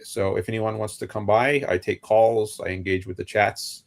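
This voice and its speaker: A man with a fairly low voice introduces himself on an online discussion panel. He speaks in an earnest, measured way and clears his throat now and then. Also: flat delivery. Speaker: YouTuber and panel guest.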